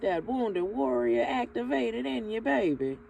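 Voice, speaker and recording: A woman with a fairly high, creaky, dark-toned voice hosts a spiritual energy reading, very animated but unhurried. She speaks affirmations, draws out her words, calls the listener "baby," and chuckles over music, on a rough recording with a little hiss or hum.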